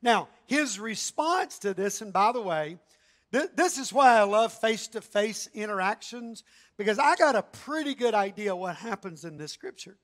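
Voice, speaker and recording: A man preaching a sermon in an animated, emphatic, conversational way. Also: high voice, moderate pace.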